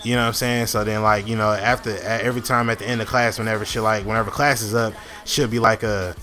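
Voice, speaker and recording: A man's voice: fairly low pitch, flat delivery, quick pace, pushed and bright. A young man casually telling a long story over gameplay, rambling with lots of fillers, restarts and swearing. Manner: rambling, many fillers and restarts, frequent profanity. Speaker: gaming channel host.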